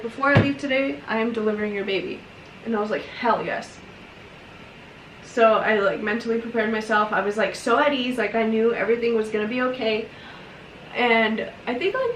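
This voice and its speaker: Young woman rambling through a storytime while doing makeup, kinda high voice, echoey room, mic a bit far off. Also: fairly bright tone, a little hiss or hum. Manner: chatty, filler-heavy, emotional retelling. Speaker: vlogger. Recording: roomy echo, mic at a distance.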